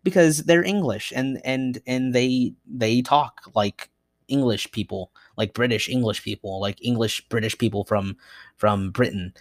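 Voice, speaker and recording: A man's voice: medium pitch, measured pace, dry recording, clean studio sound. A young man hosting a solo podcast, rambling and self-mocking, with frequent restarts and asides. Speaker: podcast host.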